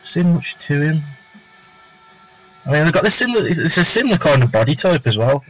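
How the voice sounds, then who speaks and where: Chatting casually on a live stream from home, a man thinks aloud while drawing, rambling with lots of fillers, self-talk and unfinished thoughts. His voice is on the high side, sing-song, brisk and fairly bright, with soft background music and poor audio quality.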